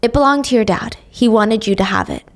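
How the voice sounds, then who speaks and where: A woman voicing a cold, stern old grandmother in a drama recap, flat and unloving. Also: a little high, fairly quick, natural voice.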